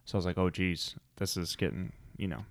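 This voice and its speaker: A man with a low voice chats casually as a podcast co-host. He rambles through his stories and acts out other people's lines as he goes. The recording is dry and close. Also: level tone, brisk, no room sound. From United States. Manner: rambling storyteller, acts out quotes. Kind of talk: casual chat.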